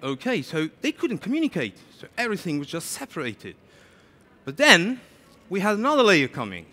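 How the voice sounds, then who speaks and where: A man giving a lively conference talk, chatty and animated, often saying "you know". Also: high-pitched, a little fast. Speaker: conference speaker. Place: conference stage.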